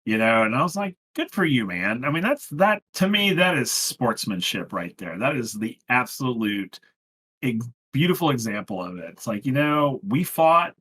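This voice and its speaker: Earnest bright-voiced man rambling on. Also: mid-range voice, very animated, normal speed, husky, rough recording. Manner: earnest, rambling with many restarts and "you know"s. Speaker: podcast co-host. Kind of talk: casual wrestling recap chat.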